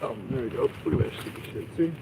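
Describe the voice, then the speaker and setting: A man's voice: fast, very noisy. Profane young man ranting outdoors. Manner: profane, frustrated, swings loud and quiet. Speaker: livestreamer. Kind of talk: casual rambling livestream. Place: outdoors on grass.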